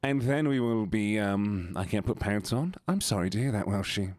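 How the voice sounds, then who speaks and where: A playful male streamer with a fairly low voice, teasing his chat and running through greetings by name. The sound is dry and close, with no room around it. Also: expressive, normal speed, a little mellow, dry recording. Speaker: livestreamer. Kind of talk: casual stream chat with viewers.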